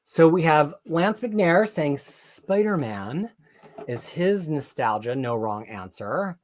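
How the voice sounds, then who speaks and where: A chatty live-stream host runs through viewer comments in a loose, excitable way. The talk rambles and doubles back with frequent self-corrections, in an ordinary mid-pitched voice. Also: takes it slowly.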